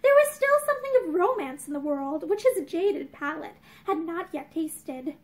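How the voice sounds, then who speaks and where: A young woman reading a novel aloud to camera, with measured storytelling and dramatic emphasis. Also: extremely high pitch, expressive, a little mellow. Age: young adult. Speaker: narrator. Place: indoors, room with bookshelves.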